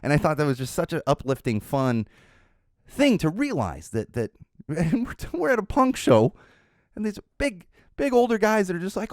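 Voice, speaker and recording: A man's voice: on the high side, wildly swooping pitch, normal speed, a little mellow, no room sound, studio quality. A middle-aged man hosting a podcast, telling stories in a casual monologue that rambles through restarts and asides. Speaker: podcast host.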